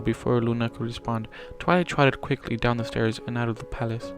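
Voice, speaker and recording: A man reads a fan story aloud at an ordinary, middle pitch. His reading is plain, with small stumbles he corrects on the fly. Faint music runs behind him. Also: steady tone, a little fast. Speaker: fanfiction reader.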